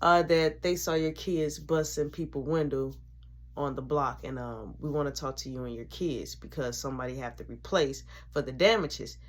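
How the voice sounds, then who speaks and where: A woman voicing a polite male police officer who speaks calmly and formally at a front door. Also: deep voice, normal speed, voice pushed down.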